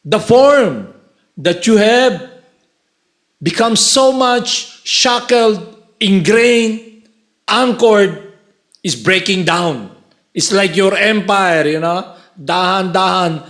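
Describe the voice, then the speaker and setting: Male spiritual lecturer, high voice, slow and animated delivery. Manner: animated, keeps checking in with the listeners.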